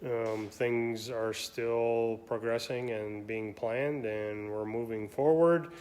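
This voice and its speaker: Slow, flat-voiced man talking shop. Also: mid-range voice, clean tone. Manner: relaxed, rambling, many ums. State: has the hiccups. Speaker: shop owner hosting a weekly live stream. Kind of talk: casual live-stream product talk.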